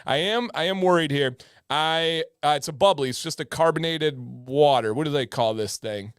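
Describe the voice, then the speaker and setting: This man's voice is on the high side, clear and resonant, at a moderate pace, with a slightly sore throat. He's hosting a casual livestream, chatty and joking, greeting viewers by name. The audio is studio quality with no echo.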